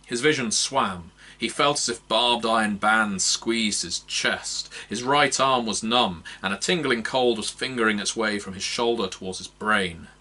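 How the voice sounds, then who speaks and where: An audiobook narrator with a fairly low-pitched voice reads a fantasy novel aloud. His scripted narration is measured and expressive.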